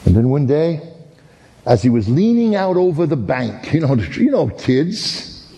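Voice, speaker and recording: A man's voice: fairly high pitch, very animated, a little slow, warm tone. A man preaching a sermon as a folksy story, often repeating "and, and" as he tells it. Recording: long hall reverb.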